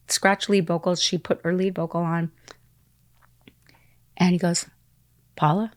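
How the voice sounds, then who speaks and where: A middle-aged woman spinning a lively anecdote as a podcast guest. Her voice sits a little low for a woman and comes across dry and close. She acts out other people's lines and sometimes drops into a whisper. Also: no echo. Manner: acts out quoted voices and phone calls, dropping into whispers. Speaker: interview guest. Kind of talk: animated storytelling.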